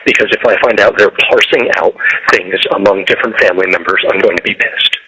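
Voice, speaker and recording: A man's voice: lowish voice, bright, forceful tone. Angry man on a noisy jail phone line. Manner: angry, theatrical, long pauses. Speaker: jail inmate on a phone call. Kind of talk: recorded jail phone call.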